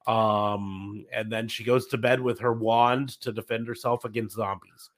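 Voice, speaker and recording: A man's voice: fairly low pitch, a little slow. A man in his thirties hosting a casual podcast, rambling through wrap-up plugs with plenty of ums and restarts. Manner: relaxed, rambling with many fillers. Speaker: podcast host.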